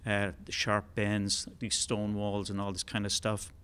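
A man telling a long joke on stage in a relaxed, rambling way, with fillers. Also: fairly low pitch, unhurried, smooth. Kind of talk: told joke, live storytelling. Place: concert hall.

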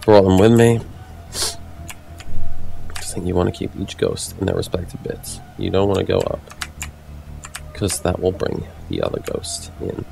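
A man's voice: low-pitched, sing-song, normal speed, gravelly, warm tone. A man casually explaining his tactics as he plays a video game, with the odd curse. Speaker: gameplay commentator. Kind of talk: let's play commentary. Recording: game music behind voice. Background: game music.

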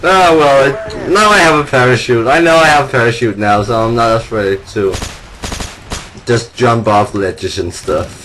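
A young man giving excitable, casual commentary while playing a shooter game, yelling and laughing often. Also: mid-range voice, measured pace. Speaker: gameplay commentator. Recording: noisy game sounds behind. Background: game vehicle and battle noise.

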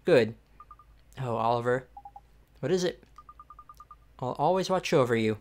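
Protective female friend from a game, gentle and concerned, read by a man. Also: medium pitch, expressive, unhurried, a little hiss or hum.

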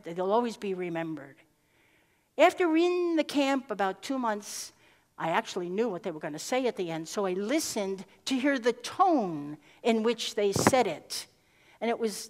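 An older woman giving a conference talk, telling lively personal stories with asides and tag questions, laughing at herself now and then. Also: medium pitch. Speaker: guest speaker. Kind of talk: storytelling keynote speech. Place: conference hall. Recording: long hall reverb.

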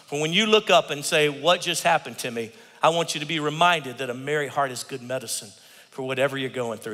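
Man, pastor, lively sermon, high bright voice, long hall reverb. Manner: animated, preacherly, mock voices and laughter. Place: church sanctuary.

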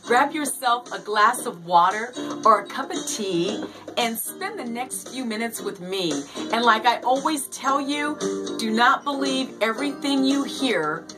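A woman's voice: fairly high pitch, animated, a little slow. A woman hosting her own casual show, giddy and playful, repeating words for fun. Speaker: show host. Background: faint music.

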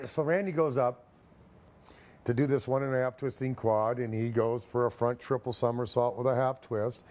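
A middle-aged man, a former professional high diver, telling an anecdote in an interview and acting out the dialogue. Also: normal speed. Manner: lively storyteller who acts out the dialogue.

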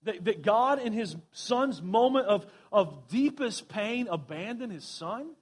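A pastor preaching a sermon in a church, talking earnestly with frequent restarts and reading scripture aloud. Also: male voice, high voice, animated, a little slow. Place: church sanctuary.

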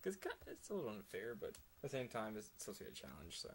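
A man giving excitable let's play commentary, laughing often and slipping into whispered asides. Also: on the low side, quick pace, slight background noise. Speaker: gamer.

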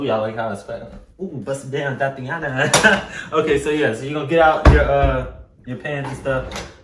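In his home kitchen, a young man films a casual cooking vlog, playful and chatty, speaking straight to viewers and laughing often. His mid-range voice sounds roomy, with background noise.

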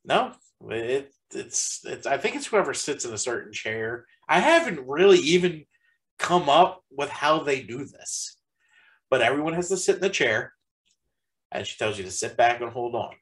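A man's voice: medium pitch, sing-song, normal speed, rough recording. A man reviewing a haunted attraction in casual chat, rambling and packing his sentences with fillers. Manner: rambling, heavy use of "like" fillers.

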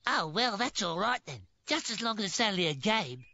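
A woman voicing a nervous, excitable townsman in a cartoon, jittery and eager. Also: mid-range voice, normal speed, highs cut off. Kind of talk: cartoon voice acting.

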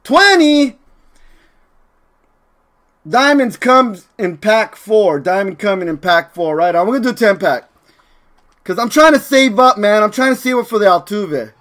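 A young man with a very high, bright voice, live-streaming a game. He drawls slowly and loosely, talking straight to his chat and peppering everything with "dude" and "man.". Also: lively intonation. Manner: laid-back, talks to chat, says "dude" and "man" constantly.

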